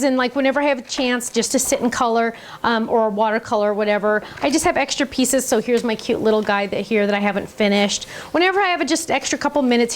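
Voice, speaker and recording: A bubbly, chatty middle-aged woman leads an online cardmaking lesson, narrating each step as she works. Her voice sits a little high, and there is a faint background noise under it. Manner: chatty, bubbly, talks while working with hands. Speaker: cardmaking class instructor. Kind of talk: online crafting demonstration.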